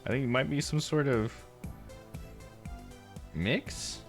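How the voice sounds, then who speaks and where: A man's voice: medium pitch, takes it slowly, music in the background. A man streaming a game live, chatting in a laid-back way, laughing and talking to his dog. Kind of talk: live game playthrough with read-aloud dialogue.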